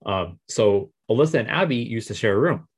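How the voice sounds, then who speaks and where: A man's voice: fairly low pitch, animated, brisk, husky. A young man hosting a podcast, chatting casually and telling playful stories with lots of fillers and restarts. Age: young adult. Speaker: podcast host. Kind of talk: casual chat.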